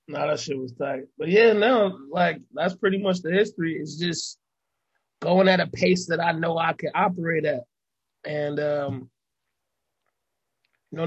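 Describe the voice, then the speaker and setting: A man's voice: fairly high pitch, husky, highs cut off. A young man talking in a casual, slangy, laid-back way as an interview guest, with lots of fillers. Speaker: musician and actor guest.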